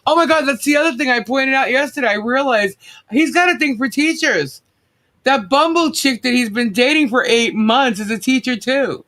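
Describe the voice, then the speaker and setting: A woman's voice: high-pitched, moderate pace, a bit bright. A woman hosting a live online show, laughing constantly as she reads out viewer comments. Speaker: livestream host.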